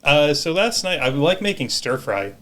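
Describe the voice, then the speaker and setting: A man from California hosting a podcast, chatting in a relaxed way with casual swearing. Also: a little high, normal speed. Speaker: podcast host. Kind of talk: casual conversation.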